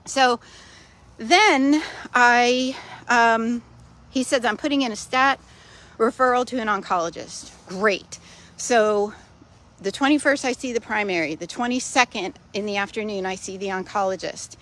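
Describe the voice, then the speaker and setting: A woman's voice: fairly high pitch, a little slow, fairly bright tone. A woman recording a casual personal video update, telling her story in a chatty, matter-of-fact way with wry humor. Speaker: vlogger sharing personal news.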